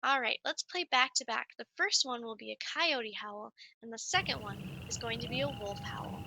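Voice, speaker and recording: Bright, high-voiced woman teaching kids. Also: moderate pace, creaky, dry recording. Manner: animated, sing-song, speaks straight to children. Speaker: children's nature educator as a coyote mascot. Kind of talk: lesson for young kids.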